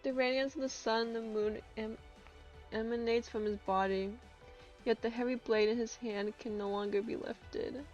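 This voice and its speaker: A woman's voice: a little high, fairly even intonation, normal speed, a little mellow, dull audio, soft background music. A woman streaming a story game, reading its narration aloud and breaking into laughs and outbursts.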